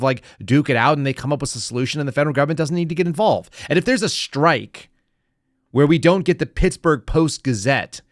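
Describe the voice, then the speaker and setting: A man's voice: mid-range voice, dry recording, clean studio sound. A man from the United States hosting a political commentary podcast, sarcastic and talking to his live chat. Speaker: podcast host.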